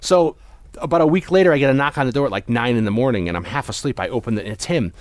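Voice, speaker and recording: A young adult man hosts a podcast, chatting casually and telling a rambling story full of restarts. He speaks very fast in a medium pitch, and the sound is clean studio quality with no echo.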